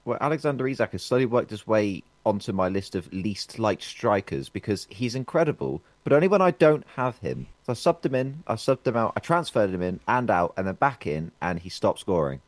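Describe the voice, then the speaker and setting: A man on a football podcast panel, making wry remarks in a slow drawl. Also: fairly low pitch, sing-song, no room sound. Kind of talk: casual football podcast chat.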